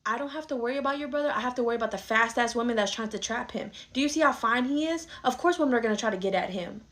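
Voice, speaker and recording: Comedy skit: woman as a scolding, son-favoring mother, fast talker, slightly high voice. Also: a bit bright, close to an everyday voice. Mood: lecturing. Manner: scolding, dismissive, indignant. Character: bossy middle-aged mother who dotes on her son. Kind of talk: skit role-play.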